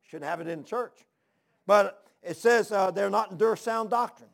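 A man's voice: sits high, a little slow, vocal fry. A man preaching a folksy, storytelling sermon, repeating his phrases. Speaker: pastor.

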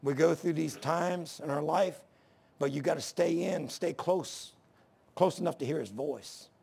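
An older man preaching a sermon, swinging from shouting to hushed storytelling, with a gravelly, husky voice. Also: fairly high pitch, measured pace. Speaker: pastor.

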